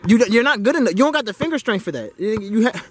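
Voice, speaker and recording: High, lively man trash-talking on a court. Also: quick pace. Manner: profane, taunting, repetitive. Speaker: trash-talking basketball player. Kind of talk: mocking trash talk during a one-on-one game. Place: outdoor basketball court. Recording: loud music over the voice. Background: hip hop music.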